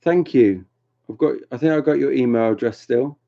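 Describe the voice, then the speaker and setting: This man's gravelly, mid-range voice keeps a moderate pace while he hosts a relaxed livestream. He rambles through viewer comments, teases people in chat, and laughs frequently, over dull, lo-fi home audio.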